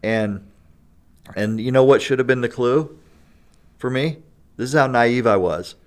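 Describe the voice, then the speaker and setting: A man's voice: medium pitch, unhurried, clear, resonant tone. A man telling a long story in a casual podcast chat. He laughs often and keeps checking in with "right?" and "you know". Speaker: guest storyteller.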